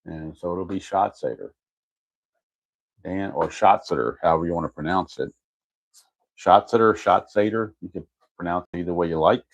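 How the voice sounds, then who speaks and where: Deep-voiced man narrating a tabletop baseball replay. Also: a little fast, pauses often. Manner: methodical, reads out dice and chart results, corrects himself. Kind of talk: casual play-by-play of a dice game.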